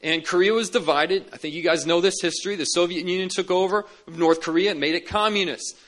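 This pastor has a high, fairly bright voice with a steady tone, and he moves at a brisk pace through his sermon. He tells stories earnestly and emphasizes his points through repetition of key words.

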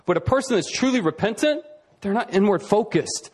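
A man preaching a sermon, animated, shifting between quick runs and slow emphatic lines, sometimes dropping soft and low to act out quoted speakers. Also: husky. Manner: acts out quoted voices, drops to a soft low tone.

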